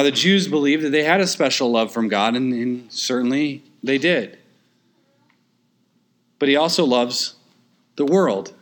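A man preaching an expository sermon, emphatic and repeating key phrases, with quick asides and sudden pushes of emphasis. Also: fairly high pitch, fairly bright tone.

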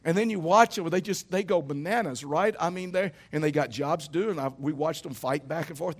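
A man's voice: a little high, fairly quick, few pauses. A middle-aged man preaching a sermon in a church, telling stories in a conversational way and tossing rhetorical questions to the congregation. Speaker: pastor.

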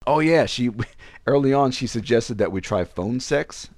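A man's voice: a little slow, dry recording. A young man casually telling a personal story on a podcast, acting out the lines of the people in it. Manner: animated, acts out quoted lines with pitch jumps.

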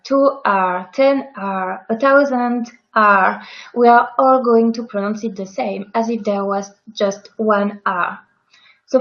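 A woman's voice: a little high, highs cut off. A woman with a French accent, a native French speaker, teaching pronunciation patiently and demonstrating words. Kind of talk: pronunciation lesson.

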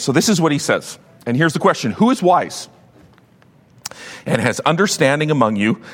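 A man in his fifties, a pastor giving a sermon with animated, joking storytelling. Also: medium pitch. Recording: long hall reverb.

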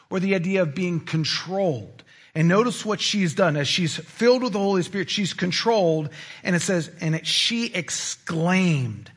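A man preaching a sermon, animated, swinging between loud emphasis and hushed asides. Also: high voice, husky. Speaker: pastor.

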